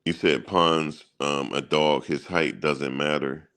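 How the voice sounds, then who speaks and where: Man, extremely deep voice, sports channel host, casual slangy banter, chuckles at his stories. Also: fairly even intonation, slow, a bit bright.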